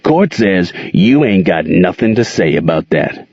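A man voicing a smug, menacing man with a gravelly voice in a story reading. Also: low voice, very animated, measured pace, no room sound, exaggerated voice. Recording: dull lo-fi dry recording.

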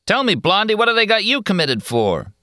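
Man putting on a high, tired, jeering dock loafer. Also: wildly swooping pitch, brisk, bright, forceful tone, no room sound, studio quality, heavily acted. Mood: taunting.

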